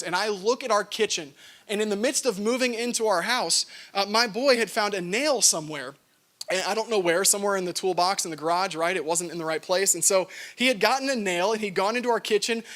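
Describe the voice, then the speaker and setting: A man's voice: high-pitched, fairly bright tone. A man, preaching a sermon in a conversational storytelling manner with frequent asides. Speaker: pastor.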